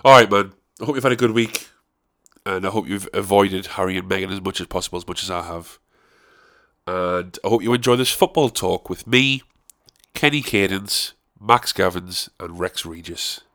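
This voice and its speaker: A man's voice: sits low, normal speed, a bit bright. A man hosting a podcast, rambling and swearing as he laughs through casual chat. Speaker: podcast host.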